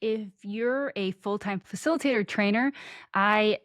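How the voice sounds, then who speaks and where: A woman guest on a video-call podcast from her home office, chatting in a lively, playful way. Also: medium pitch, unhurried, no echo, studio quality. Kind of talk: casual interview chat. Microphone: webcam video call.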